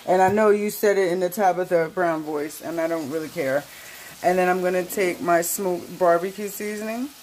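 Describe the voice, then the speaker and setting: A woman's voice: fairly low pitch, moderate pace, darkish tone, a little hiss or hum, rough recording. A woman hosting her own cooking channel, with a playful, sassy manner, talking straight to viewers as she cooks in her home kitchen. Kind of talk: casual cooking demo.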